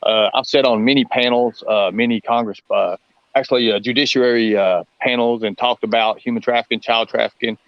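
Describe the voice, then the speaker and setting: This man, with a Southern US accent, speaks at a medium pitch in a steady, brisk tone, captured in a dry, lo-fi recording. He's a guest on a live stream, chatting casually, rambling and emphatic with plenty of fillers.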